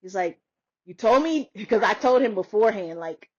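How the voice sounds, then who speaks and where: A woman podcaster with a medium-pitched voice tells a story briskly in a casual chat. She's animated, laughs often, and acts out the voices of people she quotes, all on dull lo-fi sound.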